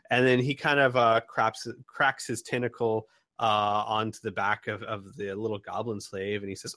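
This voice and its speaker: A man's voice: fairly low pitch, fairly even intonation, measured pace, bright, forceful tone, no echo, studio quality. A man narrating as game master, describing scenes with many ums and restarts. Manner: rambling narration with many fillers.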